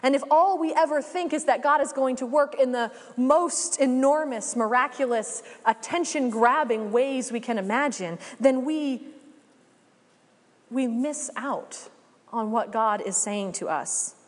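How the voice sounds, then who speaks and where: A woman's voice: sits high, long reverb tail. Woman preacher telling a parable. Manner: storytelling, measured and reflective. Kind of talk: sermon.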